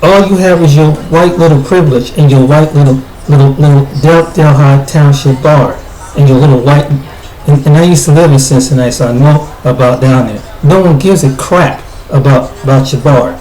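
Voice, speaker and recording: A man's voice: a little high, normal speed, mellow. Blunt man ranting in an echoey room. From United States. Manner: blunt, repetitive, with frequent restarts. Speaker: video commentator. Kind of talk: casual spoken commentary. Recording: echoey room with faint noise.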